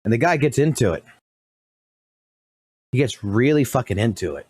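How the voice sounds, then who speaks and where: A man streaming live commentary, blunt and profane, talking fast and animated. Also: medium pitch, breathy edge, no echo.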